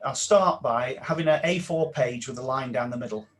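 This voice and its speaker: A man, a mindset coach speaking as a podcast guest, animated and dropping his voice low when he quotes self-talk. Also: moderate pace. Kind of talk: casual podcast interview.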